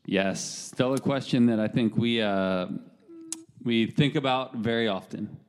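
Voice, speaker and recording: A man's voice: mid-range voice, unhurried, clean tone. A man co-hosting a casual podcast, backing his partner up and answering with ready agreement. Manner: affirming, agreeable, says "absolutely" often. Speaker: podcast co-host.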